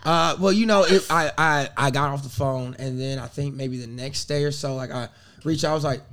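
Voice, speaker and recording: A man in his thirties telling a story in casual podcast chat, profane and animated, acting out the dialogue he quotes. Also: medium pitch, brisk, smooth. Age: 30s. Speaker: podcast co-host.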